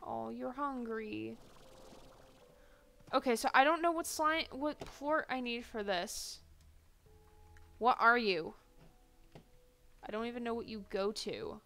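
A woman's voice: on the high side, slow, vocal fry, pauses often, a bit bright, soft background music. Exasperated woman streaming a game. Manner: chatty, exasperated, swears freely. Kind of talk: casual live game commentary.

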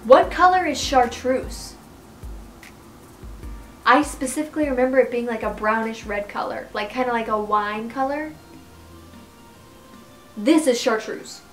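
A young woman talking to camera in a casual vlog, animated and incredulous, with outbursts of swearing. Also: on the high side, a little slow, pauses often, faint music behind, low-quality recording. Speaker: YouTuber.

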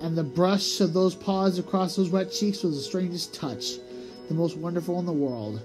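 A reader narrating a children's audiobook in a lively, expressive read-aloud manner with small slips. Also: mid-range voice, normal speed, over music, rough recording.

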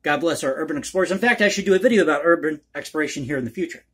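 Talking very fast in a husky, fairly bright voice on the high side, a man hosts a one-take commentary vlog on politics. He's opinionated and conspiratorial, rambling in a folksy way and addressing his audience as folks.

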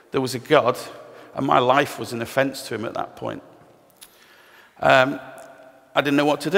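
Telling his testimony in a church hall, a middle-aged man from England is frank and self-deprecating, with a bit of humor. He speaks at a medium pitch with a fairly bright tone, and the hall's long reverb carries through.

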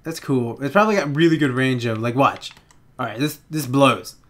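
A young man giving casual let's play commentary, excitable and giggly, with panicky outbursts and a lot of swearing. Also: mid-range voice, moderate pace. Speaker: gaming channel host.

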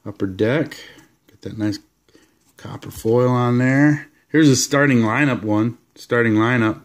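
A man in the middle of his pitch range talks loosely through a stack of sports cards in a home vlog. He drifts between relaxed commentary and bursts of enthusiasm, with rambling asides. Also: unhurried. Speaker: card collector showing his collection. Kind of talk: casual card-showing vlog.

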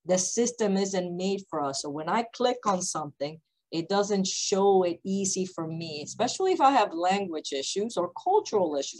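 A woman who founded a company, speaking on a video call panel with emphatic, deliberately slow, repetitive points. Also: mid-range voice, expressive, darkish tone, rough recording. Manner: emphatic, repeats key points, speaks slowly on purpose.

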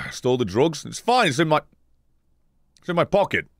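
A young man giving sarcastic, swearing commentary while playing a game, with sudden loud outbursts. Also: a little high, sing-song, moderate pace, no room sound, studio quality. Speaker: gaming YouTuber. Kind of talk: let's play commentary.

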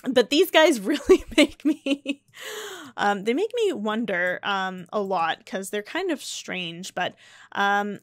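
A woman's voice: a little high, a bit bright, dry recording, clean studio sound. A young woman casually narrating a life-sim game story, chatty and rambling with lots of fillers. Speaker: let's play narrator.

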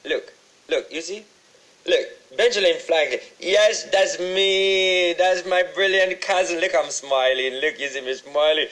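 A man's voice: a little high, unhurried, fairly bright tone, rough recording. Jamaican man doing a forgetful banknote statesman. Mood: rambling. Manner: chatty, rambling, forgetful. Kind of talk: comedic impression.

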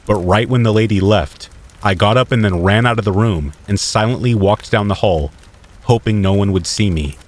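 A man reading a scripted first-person horror story in a steady, measured way. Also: lowish voice.

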